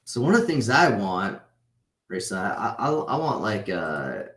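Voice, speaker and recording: A man's voice: fairly low pitch, very animated, unhurried, fairly bright tone. A man in his thirties teaching a casual online class over a video call, talking conversationally and tagging his points with "right?". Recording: roomy echo.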